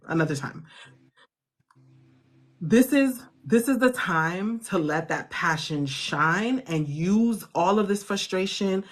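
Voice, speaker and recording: A woman host giving animated, slangy motivational coaching in a casual chat. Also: on the low side, breathy edge.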